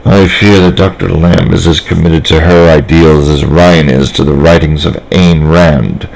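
A man reading a story aloud, voicing a cautious male doctor who speaks slowly and gravely. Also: rumbling low, steady tone, darkish tone, exaggerated voice, poor audio. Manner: slow, grave and deliberate. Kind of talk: fan fiction reading aloud.

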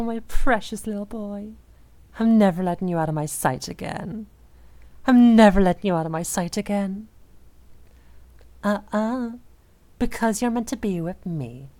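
A young woman voicing an obsessive, possessive dominant woman in an audio role-play, speaking in a soft, slow, teasing murmur. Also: mid-range voice, no room sound, close to an everyday voice.

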